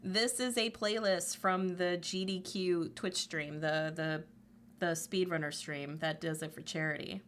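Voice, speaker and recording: A woman's voice: steady tone, unhurried, fairly bright tone, a little hiss or hum. A woman livestreamer in casual chat, talkative, laughing often and swearing freely. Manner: chatty, swears, laughs often, quotes memes in a squeaky voice.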